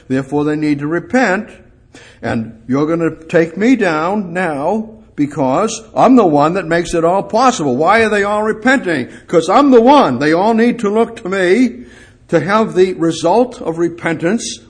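Husky-voiced male preacher. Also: medium pitch, a little mellow. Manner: preaching with dramatic voiced dialogue, rising to emphatic peaks. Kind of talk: sermon.

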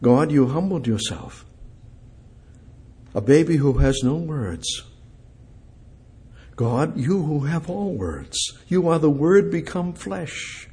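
A man preaching a sermon, speaking directly to God and repeating short phrases, swinging between loud emphatic lines and soft, hushed ones. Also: a little high, lively intonation, slow, long pauses. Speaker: pastor.

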